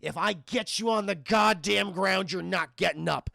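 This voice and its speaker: Guy putting on a whiny loud-mouthed bandit, higher and gravelly. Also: normal speed, no room sound, clean studio sound, full character voice. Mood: pleading. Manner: whiny, pleading, swearing. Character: desperate loud-mouthed male western bandit.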